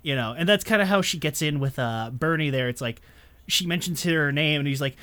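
A man's voice: fairly high pitch, a little fast, bright, forceful tone. A man co-hosting a casual movie review podcast, rambling with lots of fillers and swearing freely. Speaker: podcast co-host.

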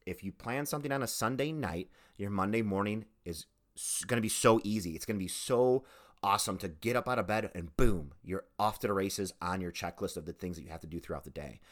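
Male podcast host, low voice, earnest and heartfelt sign-off, choked up, repeats key phrases. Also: a little fast. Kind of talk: casual podcast outro.

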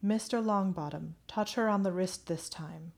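A woman's voice: lowish voice, moderate pace, mellow, dry recording. A woman voicing a stern, formal older headmistress with clipped speech.

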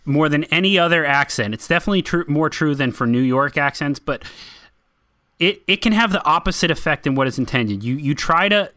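A man's voice: a little high, expressive, brisk, bright, forceful tone, no echo. A man from central Massachusetts co-hosting a podcast, chatting in an opinionated, rambling way with lots of fillers and restarts. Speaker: podcast co-host. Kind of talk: casual chat.

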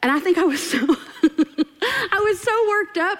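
A woman's voice: very high voice, moderate pace. A woman telling a funny personal story in a sermon, laughing and acting out voices. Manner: animated, laughing storyteller who acts out quotes. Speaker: preacher. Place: church stage before a congregation.

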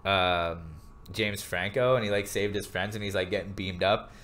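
A young man in casual, profane chat, rambling through movie scenes and acting out lines in high voices. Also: fairly even intonation, normal speed, fairly bright tone. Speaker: podcast co-host.

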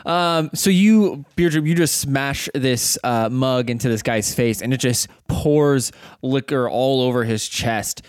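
A man narrates a tabletop game as game master at an ordinary pitch, casual and often laughing, with fillers and swearing. The sound is dry and close. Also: unhurried, hardly any pauses, no echo.

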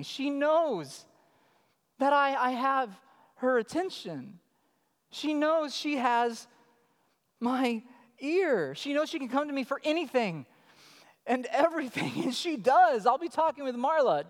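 Pastor guy with a high voice, preaching in a big echoey church, animated storyteller. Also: takes it slowly. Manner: animated storytelling, acting out his child calling. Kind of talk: sermon. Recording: long reverb of a church hall.

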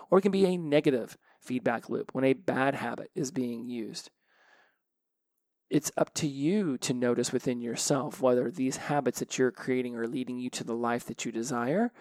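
A man's voice: mid-range voice, darkish tone, no room sound. Man coaching in dry podcast talk. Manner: conversational, repeats and restarts words. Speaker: podcast host and habit coach. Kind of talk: casual solo podcast talk.

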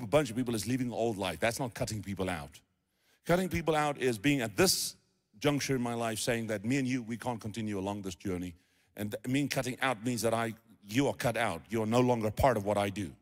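A male pastor, preaching a sermon in a conversational, playful storytelling manner. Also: medium pitch. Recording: long reverb of a large hall.

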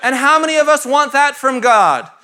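A man's voice: very high voice, animated, normal speed, pushed and bright. A man in his thirties, a pastor, preaching a sermon to a live congregation in a conversational, self-mocking way with asides to the room.

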